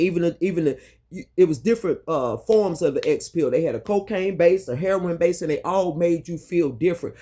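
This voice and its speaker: A woman's voice: on the low side, slightly rough. A woman vlogger telling a personal story to her viewers, candid and emphatic, swearing freely and repeating herself for emphasis. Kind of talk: storytime monologue to camera.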